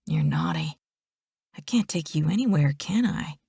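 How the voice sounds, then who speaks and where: A woman voicing a dominant, possessive young biker boyfriend who talks in a quick growl. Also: deep voice, lively intonation, creaky, warm tone, breathy edge, dry recording, studio quality, exaggerated voice. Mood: teasing.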